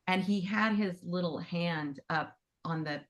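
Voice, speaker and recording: A woman teaching animal Reiki in a gentle, conversational way, wandering into asides as she talks. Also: fairly low pitch, measured pace. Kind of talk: casual teaching talk.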